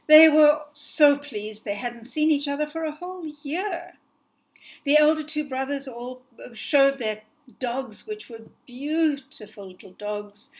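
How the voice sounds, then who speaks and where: A woman telling a fairy tale from memory, in a gentle, expressive way that sometimes drops to a whisper. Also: on the high side, rough recording. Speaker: storyteller.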